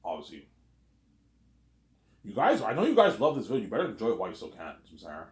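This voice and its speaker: Over-dramatic man, lively roomy voice. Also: on the low side, fast talker. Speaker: video creator. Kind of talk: acting out an imagined argument, playing every side. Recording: roomy echo.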